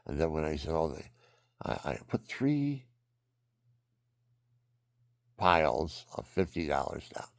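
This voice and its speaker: Older guy rambling a story, super deep gravelly voice, dry sound. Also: sing-song, normal speed, no echo. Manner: drifts into hushed whispers, repeats himself. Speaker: vlogger.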